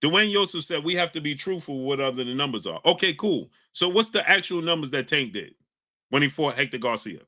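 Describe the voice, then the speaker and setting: A man's voice: a little high, expressive, brisk. A man hosting a live stream, reading out chat names and arguing hotly with viewers. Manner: combative, shouts out chat names. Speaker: livestream host reading chat. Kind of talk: heated live-stream talk.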